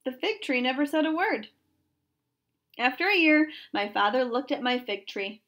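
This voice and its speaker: High-voiced woman reading a storybook aloud. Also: moderate pace. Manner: expressive, storytelling.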